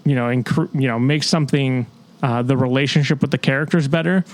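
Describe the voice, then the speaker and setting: A man's voice: mid-range voice, fairly even intonation, a little fast. A man co-hosting a podcast, reasoning aloud in casual chat. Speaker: podcast co-host.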